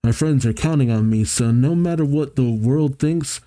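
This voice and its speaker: Man doing a breezy young hedgehog hero, laid back, soft warm tone. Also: medium pitch, moderate pace, natural voice. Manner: breezy, flippant.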